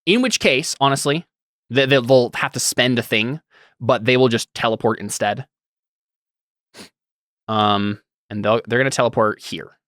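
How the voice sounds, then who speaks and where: A man running a tabletop role-playing game as game master, talking casually with many fillers and quick laughs. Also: mid-range voice, fairly bright tone, no echo, clean studio sound. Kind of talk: narrating a tabletop game over a stream.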